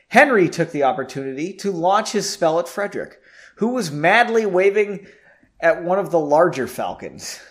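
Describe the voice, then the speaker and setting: A man casually reading a story aloud, breaking off for chatty, jokey asides and correcting his own slips. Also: fairly high pitch. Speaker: reader.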